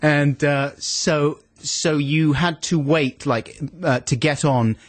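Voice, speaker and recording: A man's voice: a little high, takes it slowly, no echo. A man, co-hosting a radio show and telling a funny story in a casual, self-deprecating way. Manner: animated, self-deprecating, laughs often. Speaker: radio co-host.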